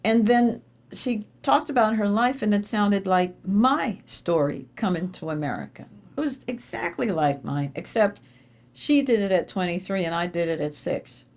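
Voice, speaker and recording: A middle-aged woman giving an inspirational faith talk to a live audience, telling stories with animated, emphatic repetition. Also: medium pitch, normal speed. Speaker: speaker addressing an audience.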